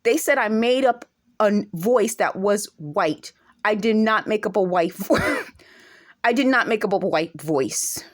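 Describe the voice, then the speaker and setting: A woman's voice: mid-range voice, expressive, unhurried. A woman with an accent speaks to camera in an indignant vlog monologue, firing off emphatic rhetorical questions. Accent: speaks with an accent of her own. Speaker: vlogger.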